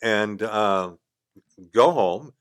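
In a fairly low voice with drawn-out words, an older man appearing as a podcast guest in a radio studio recounts a story casually. He's animated, imitating the people he quotes and chuckling partway through.

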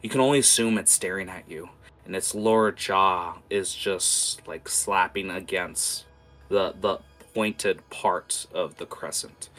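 Unhurried man narrating as game master. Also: deep voice, a bit bright, faint music behind. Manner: vivid descriptive narration with many "like" fillers.

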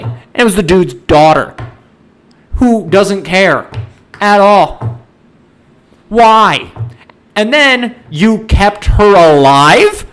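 A man ranting in exasperation during a casual movie review chat, swinging into loud outbursts. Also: high voice, animated, drawn-out words, long pauses.

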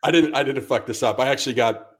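A man's voice: medium pitch, quick pace. A young man from the United States telling a long story on a casual podcast, cursing freely and acting out every line of dialogue. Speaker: podcast co-host.

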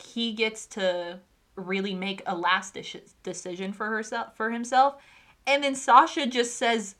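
Bright-voiced woman ranting casually. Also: mid-range voice. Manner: animated, swearing, ranting. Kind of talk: casual chat.

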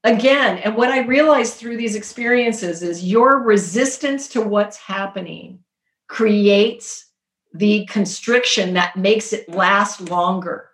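An earnest woman tells her story in a relaxed, animated way. Her voice sits at a middle pitch. The room around her is echoey. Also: slow pace. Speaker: podcast guest. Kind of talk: casual chat.

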